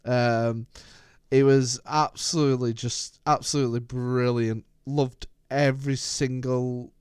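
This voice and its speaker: A British man co-hosting a casual chat show, chatty and quick to laugh. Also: mid-range voice, level tone, smooth, dry recording, clean studio sound. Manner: chatty, laughs often, slips into jokey accents. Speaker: co-host.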